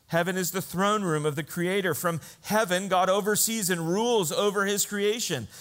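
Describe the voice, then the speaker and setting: A man preaching a sermon, slow and earnest, rising in emphasis on key phrases. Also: a little high, a bit bright. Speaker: pastor.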